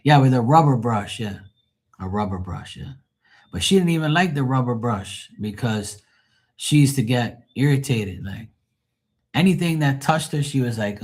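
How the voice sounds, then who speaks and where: A man's voice: mid-range voice, animated, a little slow, long pauses, darkish tone. A man hosting a live tarot stream, chatting casually in a rambling, profane, joking way.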